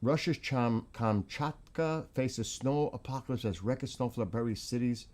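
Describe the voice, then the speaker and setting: A man's voice: medium pitch, moderate pace, few pauses, darkish tone. A man hosting a casual livestream, reading viewer chat and exclaiming in astonishment, often repeating himself.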